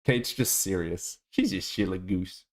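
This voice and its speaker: Low-voiced man swearing through teasing banter. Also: a little slow. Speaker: live streamer. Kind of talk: casual live-stream chat.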